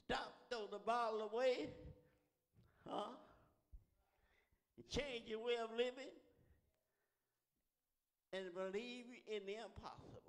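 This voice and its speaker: A man's voice: high voice, steady tone, takes it slowly, long pauses. A man, preaching a sermon as pastor, calling out to the congregation and often asking "huh?" in a call-and-response style. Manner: preaching with rising calls and repeated "huh?". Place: church sanctuary. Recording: long church reverb.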